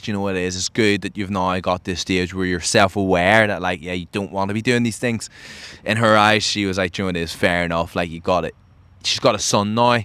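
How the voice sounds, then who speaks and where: A man's voice: on the low side, no room sound. A young man hosting a podcast, telling a story in casual chat and acting out the lines of the people in it with lots of fillers. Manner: animated storyteller who acts out quotes, many fillers. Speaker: podcast host.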